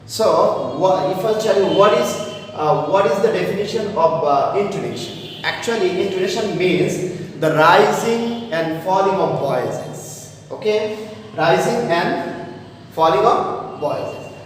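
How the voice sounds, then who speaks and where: A man's voice: sits high, expressive, takes it slowly. A man teaching a class on stress and intonation, hesitant, with many fillers and repeated words. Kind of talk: explaining to young students. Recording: echoey room, voice far from the mic, faint noise.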